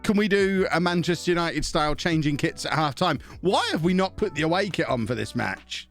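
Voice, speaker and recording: A man's voice: a little high, lively intonation, a little fast, gravelly, a bit bright, faint music behind. A man casually commentating on his own football management game on a live stream, chatty and self-mocking as he thinks aloud and thanks subscribers.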